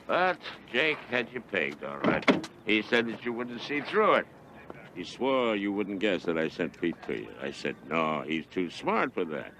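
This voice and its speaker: A blunt, taunting district attorney. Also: male voice, lowish voice, vocal fry, background noise. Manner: taunting, questioning witnesses in court. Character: shrewd older male district attorney, blunt. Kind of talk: 1980s TV crime drama acting. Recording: TV soundtrack with music behind.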